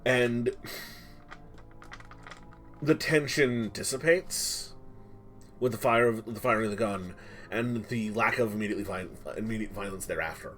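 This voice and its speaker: A man's voice: mid-range voice, steady tone, measured pace, pauses often, a bit bright, soft background music. A man running a tabletop game as game master, narrating scenes dramatically and asking players for rolls. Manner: dramatic, descriptive storytelling with frequent restarts.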